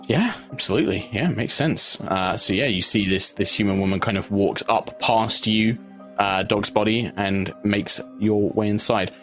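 A man narrating as game master, describing scenes in loose, halting phrases. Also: fairly low pitch, a bit bright, soft background music. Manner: loose, hesitant narration with fillers.

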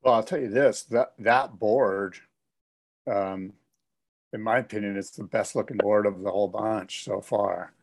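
A man with a fairly low voice co-hosting a laid-back podcast. He talks with easy enthusiasm, circling back on his own sentences as he goes. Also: steady tone, a little slow. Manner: enthusiastic, rambling, with frequent restarts and "you know". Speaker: podcast co-host. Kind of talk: casual podcast chat.

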